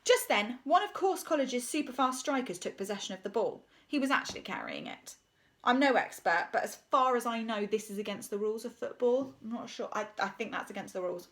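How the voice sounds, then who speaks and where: A woman reads a children's story aloud in a playful way. She voices the sound effects herself and drops in jokey asides, in a fairly high voice. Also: expressive, brisk, fairly bright tone.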